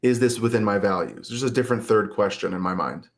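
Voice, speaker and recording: A man's voice: lowish voice, fast. A man speaking as a therapist guest in a casual interview, explaining ideas and acting out inner self-talk in quoted lines.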